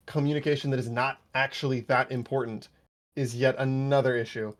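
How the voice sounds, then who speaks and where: A man's voice: mid-range voice, little pitch movement, a little fast. A man on unit staff giving a stern after-action debrief over voice chat. He scolds bluntly and swears.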